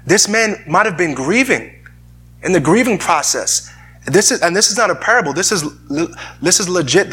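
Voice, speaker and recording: A man's voice: fairly high pitch, sharp tone, slightly rough. A man preaching a sermon and reading scripture aloud, earnest in tone, often repeating words as he searches for the phrasing. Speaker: pastor.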